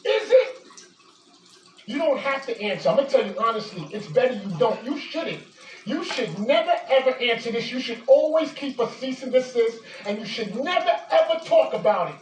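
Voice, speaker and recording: A woman delivering an angry direct-to-camera rant, accusing and repeating insults, sometimes shouting. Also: fairly high pitch, big pitch swings, normal speed, a little hiss or hum. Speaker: vlogger addressing a public figure. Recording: echoey room, distant mic.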